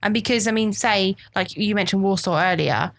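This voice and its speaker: A woman co-hosting a podcast who explains her thoughts in a measured, hesitant way. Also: mid-range voice. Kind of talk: casual podcast chat.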